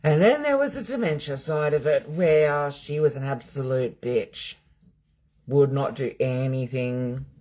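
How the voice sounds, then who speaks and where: A woman's voice: a bass voice, a little slow, warm tone. A middle-aged Australian woman, a psychic medium hosting a live stream from home, chatting casually, bluntly and with plenty of swearing while answering viewers' comments.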